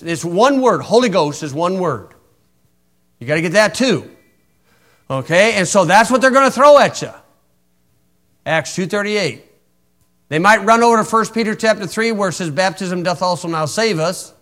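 A man's voice: high voice, lively intonation, moderate pace, long pauses, a bit bright. A man preaching a sermon in a folksy, wry way, reciting old-style scripture and poking fun at opponents.

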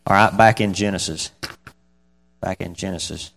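A man's voice: low voice, moderate pace, creaky, a bit bright, a little hiss or hum. A man preaches an informal sermon. He reads the old scripture wording, then talks through it in a plain, folksy way and chuckles between points. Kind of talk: casual sermon.

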